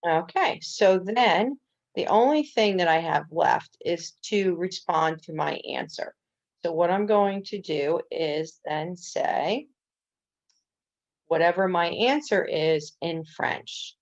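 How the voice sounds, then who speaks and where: Low, gravelly-voiced woman teaching coding. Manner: step-by-step explaining with casual fillers. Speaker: coding instructor. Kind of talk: screen-recorded coding tutorial. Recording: dull lo-fi recording.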